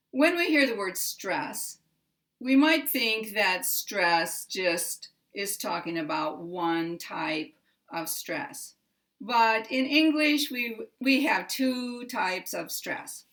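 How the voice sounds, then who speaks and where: An American woman gives a pronunciation lesson at a very slow, careful pace. She stretches out her words and exaggerates her intonation, leaning hard on stressed syllables so learners can follow. Her voice sits at a middling pitch for a woman. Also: fairly bright tone. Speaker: pronunciation teacher. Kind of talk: slow, deliberate teaching.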